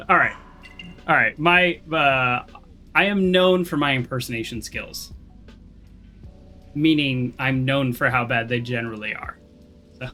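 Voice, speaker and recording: Playing a video game, a man with a sharp-toned, mid-range voice offers casual let's-play commentary as a gaming streamer. He chats and pokes fun at himself, thinking out loud full of fillers and restarts.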